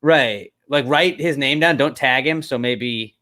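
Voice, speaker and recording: A man's voice: mid-range voice, unhurried, pushed and bright. A man with a mid-range voice trades playful jokes as a podcast co-host. His talk is loose and teasing, and it comes through a video call. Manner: jokey, playful banter. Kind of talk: casual football chat.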